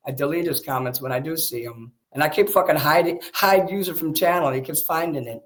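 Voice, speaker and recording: Man, defensive and heated, frequent swearing, higher pitch. Casual chat. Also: a little fast, fairly bright tone. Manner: agitated, defensive, swears a lot. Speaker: streamer talking with a friend.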